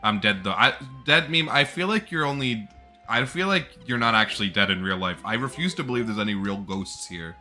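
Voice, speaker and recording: A man's voice: fairly low pitch, expressive, fairly quick, sharp tone, faint music behind. A young man chatting casually on a live stream, rambling and laughing often.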